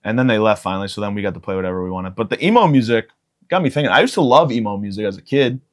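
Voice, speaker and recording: A man's voice: on the low side, animated, racing. A man in his thirties carries his podcast solo, rambling from one joke to the next. He swears freely and pokes fun at himself in a loose, unscripted monologue. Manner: profane, self-mocking, riffing. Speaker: podcast host.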